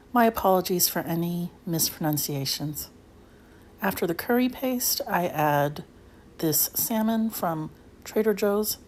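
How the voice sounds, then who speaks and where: A woman's voice: fairly low pitch, darkish tone, a little hiss or hum. A woman talking casually over a home recipe video, chatty and self-deprecating, with little asides. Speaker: home cook vlogger.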